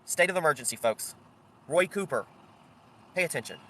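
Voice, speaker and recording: Middle-aged guy ranting about politics, blunt, sarcastic, slightly high voice. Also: lively intonation, normal speed, pushed and bright, a little hiss or hum. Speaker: political commentator and candidate. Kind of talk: solo political commentary.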